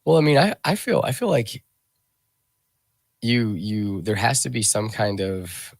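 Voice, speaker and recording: Creaky low-voiced man, rambling talk. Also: animated, dry recording. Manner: rambling, halting, many restarts and fillers. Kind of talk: casual reflective talk.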